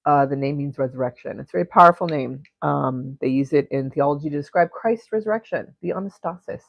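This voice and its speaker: A woman's voice: low voice, a little fast, creaky, no echo, muffled recording. A young woman hosting an art livestream, chatting casually and crudely while she paints, rambling and giggling between topics.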